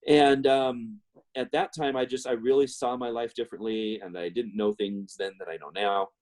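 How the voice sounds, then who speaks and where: A man's voice: mid-range voice, fairly even intonation, moderate pace, darkish tone. A middle-aged man telling a personal story in a rambling way, with many fillers and restarts. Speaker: guest speaker.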